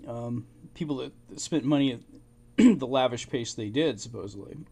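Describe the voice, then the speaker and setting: A man with a husky, dark-toned, mid-range voice moves at a moderate pace through old archive documents, reading and retelling them casually. As an amateur history narrator, he adds informal, chuckling asides and says "you know" a lot.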